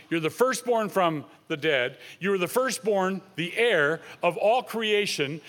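Male pastor, slightly higher voice, earnest expository sermon delivery quoting scripture. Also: fairly bright tone.

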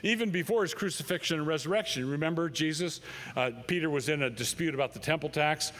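A man's voice: fairly high pitch, fast, a bit bright. A male pastor preaching a sermon, stressing points by repeating phrases.

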